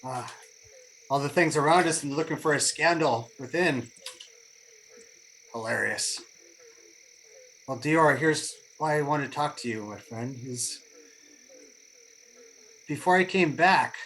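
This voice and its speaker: A man speaking as his character at a gaming table, earnest and heartfelt in his telling. His voice is of middle pitch, with a faint wash of night ambience underneath. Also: fairly bright tone, a little hiss or hum, low-quality recording. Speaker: player. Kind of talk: in-character tabletop role-play.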